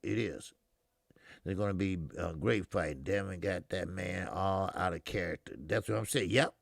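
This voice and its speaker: A man's voice: deep voice, normal speed, gravelly, no room sound, clean studio sound. A middle-aged man hosting a casual boxing live stream, talking loosely with lots of swearing and fillers, answering viewers in the chat.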